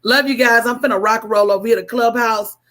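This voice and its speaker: Speaking quickly and at a fairly high pitch, this livestream host spins animated, preachy stories. She keeps it casual, pausing for call-and-response moments with the people watching.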